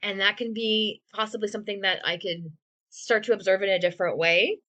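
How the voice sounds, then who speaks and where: A woman's voice: medium pitch, fairly even intonation, brisk, sharp tone, highs cut off. Earnest, wry woman podcaster. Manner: earnest, reflective, wry sarcasm. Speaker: podcast co-host. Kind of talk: candid conversational podcast talk. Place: home, video call.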